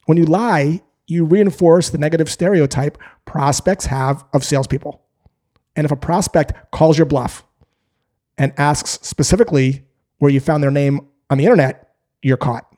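A man teaching sales in a calm, direct way, acting out short sample calls. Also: a little high, normal speed. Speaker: sales trainer. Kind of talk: instructional talk to camera.

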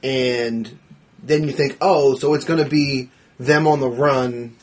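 A man's voice: medium pitch, fairly even intonation, slow, a little mellow. A man in casual movie talk, walking through the plot in long rambling runs.

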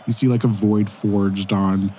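A man narrating as game master of a tabletop role-playing game. His voice sits low and warm, unhurried and mellow. He describes scenes in a loose, rambling way, padded with fillers. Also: little pitch movement, a little hiss or hum.

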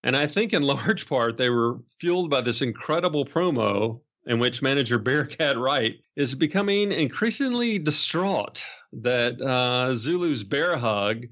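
A man's voice: medium pitch, expressive, measured pace, hardly any pauses, fairly bright tone. A man hosting a wrestling history podcast, telling stories with enthusiasm. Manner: enthusiastic storytelling. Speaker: podcast host.

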